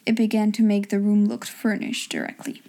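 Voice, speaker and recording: Warm-voiced woman reading a storybook. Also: mid-range voice, wildly swooping pitch, brisk. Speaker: audiobook narrator. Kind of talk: storybook narration.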